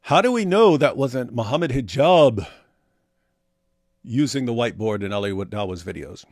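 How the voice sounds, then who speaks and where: A man's voice: mid-range voice, animated, moderate pace, dry recording, clean studio sound. A man co-hosting a casual livestream, reading viewer messages aloud and answering them with sarcastic, mocking asides. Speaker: livestream co-host reading super chats.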